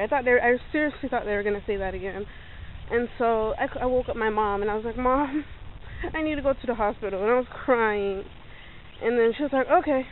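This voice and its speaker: Young woman chatting into her phone, animated, acts out quotes, kinda high voice, tinny sound with a bit of hiss. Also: fairly quick. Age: young adult. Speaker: vlogger. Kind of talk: casual storytelling vlog. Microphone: phone held in hand. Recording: tinny phone-like audio, faint noise.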